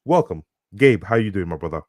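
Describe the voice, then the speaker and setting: A man's voice: lowish voice, expressive, a little fast, no echo, clean studio sound. A man co-hosting a podcast, chatting casually, laughing often and swearing freely. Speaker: podcast co-host.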